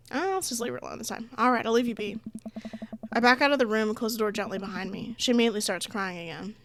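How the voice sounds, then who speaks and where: A woman's voice: a little high, quick pace, fairly bright tone. A young woman playing a dating game, chatting casually, reading the story aloud and laughing often. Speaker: let's play gamer.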